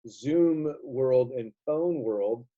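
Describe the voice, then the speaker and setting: A man's voice: medium pitch, very slow, warm tone. A man hosting an interview as a sales coach, reflective and affirming, asking his guest for the next point. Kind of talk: conversational interview. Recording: dull lo-fi sound.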